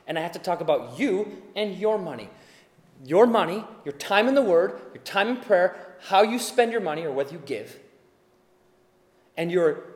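A man preaching a sermon as pastor, earnest, swinging from hushed, slow asides to loud shouted urging. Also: on the high side, roomy sound, in a large hall.

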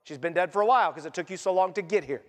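A man doing low, scoffing mourners. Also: racing, big-room sound, lightly acted. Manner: blunt, scoffing. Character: scoffing mourners, blunt and mocking.

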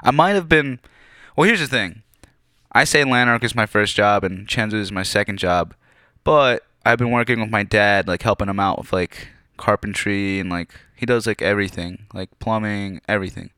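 A young man in casual storytelling mode, rambling and swearing between fillers, his voice a touch low. The tone is bright and clean, recorded close with a dry, roomless sound. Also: moderate pace, clear, resonant tone, no room sound. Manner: rambling, profane, many fillers.

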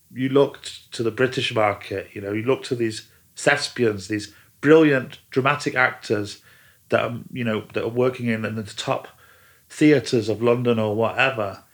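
A man in easygoing conversation who keeps circling and restarting his thoughts. His voice sits at an ordinary middle pitch, loose and unhurried. He leans on fillers as he talks his way toward a point. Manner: rambling, many restarts and fillers. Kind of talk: casual chat. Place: lives in a German-speaking country.

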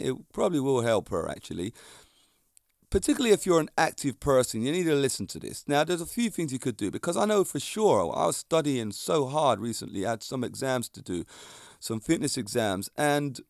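A man's voice: mid-range voice, dry recording, clean studio sound. A middle-aged man, hosting a casual podcast monologue as a fitness coach. He talks emphatically and preachily, firing off rhetorical questions and laughing at his own jokes.

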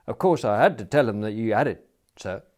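A man's voice: on the low side, animated, a little fast, a little mellow, lightly acted. A man voicing a stiff cloakroom attendant who speaks in a subdued, coolly deferential way. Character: stiff, disapproving male club cloakroom attendant.

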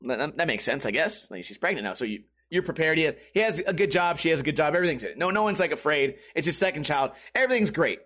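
Podcast host, man, high bright voice, casual comedic storyteller who rambles and repeats himself. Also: animated, fast talker, hardly any pauses. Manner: rambling, amused, repeats words and quotes friends.

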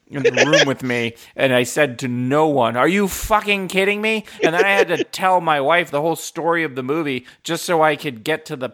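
A man's voice: fairly high pitch, a little fast, hardly any pauses, fairly bright tone. Profane ranting man, laughing often. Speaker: podcast co-host. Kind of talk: casual film chat.

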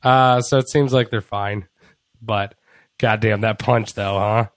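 A man's voice: on the low side, fairly even intonation, unhurried, no room sound, studio quality. A man co-hosting a casual wrestling podcast, laid-back and joking, swearing freely. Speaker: podcast co-host.

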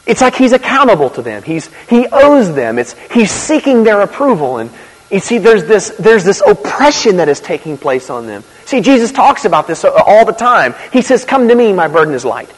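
A man's voice: high voice, moderate pace. Man preaching in a reverberant hall. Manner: conversational, animated preaching with asides and laughs. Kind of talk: sermon. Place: church.

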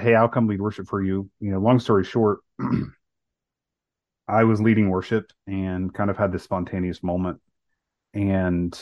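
A man's voice: lowish voice, a little mellow, dry recording, highs cut off. A man co-hosting a podcast, earnestly recounting a personal story in casual talk with many fillers and restarts. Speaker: podcast co-host.

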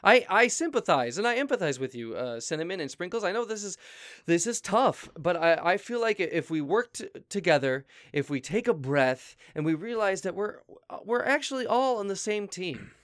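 A male host who stammers and pleads, trying to keep calm order. His pitch swings widely as he talks, recorded dry and close with no room sound. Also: moderate pace, dry recording. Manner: flustered, stammering, placating. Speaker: talk show host. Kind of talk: improvised comedy, mock counseling.

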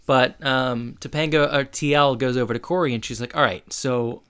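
A podcast co-host walking through a sitcom episode in relaxed chat. The voice is smooth and resonant at a middle pitch. They slip into characters' lines now and then while retelling scenes. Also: a little fast. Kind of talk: casual TV-episode recap chat.

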